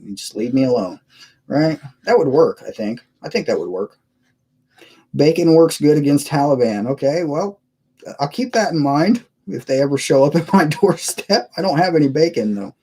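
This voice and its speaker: A man's voice: on the high side, big pitch swings, normal speed, dark tone, husky. A man hosting a casual live stream from his computer, rambling and chuckling as he reads viewers' messages aloud. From United States. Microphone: cheap webcam mic.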